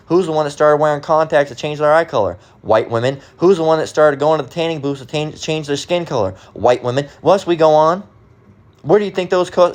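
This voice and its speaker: A man's voice: a little high, a little mellow. A man giving a religious rant monologue, emphatic, repetitive and profane. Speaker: commentator.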